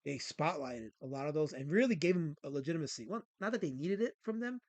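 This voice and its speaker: A man's voice: on the high side, lively intonation, fast talker, no room sound. A man hosting a casual talk show about comics, rambling and reading strips aloud with lots of fillers. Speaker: host.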